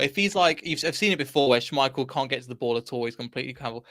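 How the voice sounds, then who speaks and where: A man's voice: on the high side, very fast, few pauses, fairly bright tone, no echo. Exasperated man venting on stream. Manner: frustrated, rambling, exasperated. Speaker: fan channel host. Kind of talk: post-match fan reaction livestream.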